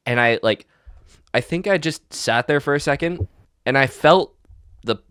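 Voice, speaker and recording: A man's voice: mid-range voice, animated, unhurried, fairly bright tone, clean tone, no room sound, clean studio sound. A young man co-hosting a podcast, telling a story in casual chat with lots of fillers and restarts. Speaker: podcast co-host.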